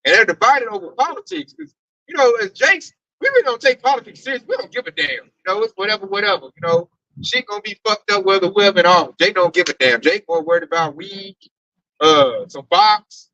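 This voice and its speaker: A man in a casual religious group discussion, telling animated stories and swearing freely. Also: high-pitched, brisk, dry recording. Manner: animated storyteller, mimics coworker, swears freely. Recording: dull dry recording.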